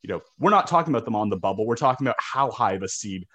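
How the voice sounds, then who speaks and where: Man, sports podcast co-host, casual chat, halting restarts. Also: fairly low pitch, lively intonation, pushed and bright. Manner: talkative, repeats words when starting sentences.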